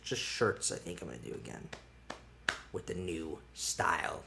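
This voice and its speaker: A man's voice: low voice, expressive, normal speed, vocal fry, pushed and bright, a little hiss or hum. A man hosting a solo podcast in casual chat, rambling with restarts and casual swearing. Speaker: podcast host.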